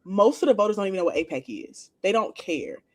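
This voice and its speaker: A woman co-host with a mid-range voice talks politics in loose, casual conversation. She is frank and relaxed and swears freely, with the plain tone of an organizer talking among friends. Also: medium pitch, quick pace. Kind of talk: casual political talk-show chat.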